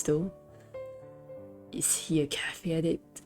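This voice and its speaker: A woman's voice: low-pitched, slow, long pauses, mellow, soft background music. A young woman streamer chatting casually and hesitantly while she plays, often correcting herself. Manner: hesitant, rambling, self-correcting. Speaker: VTuber streamer. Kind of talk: casual chat while playing a game.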